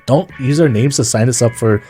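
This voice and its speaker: A man's voice: medium pitch, brisk, mellow, faint music behind. A man co-hosting a casual chat podcast, joking and swearing freely. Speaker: podcast co-host.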